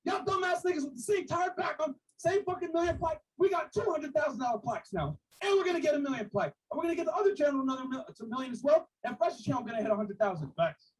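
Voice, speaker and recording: A woman boasting brashly in a shouted, profane rant. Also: sits high, animated, racing, distant mic, rough recording.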